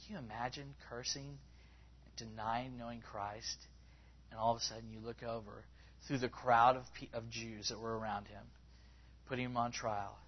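A man's voice: fairly even intonation, normal speed, husky. Male preacher, mid-range voice, conversational sermon delivery, slightly lo-fi recording. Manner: conversational, rising in pitch when acting out quotes.

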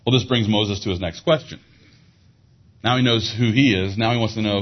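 A man preaching a sermon. He teaches verse by verse, explains Hebrew words, and lifts his voice when he drives a point home. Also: a little fast. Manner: rises in pitch and volume for emphasis. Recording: dull lo-fi sound.

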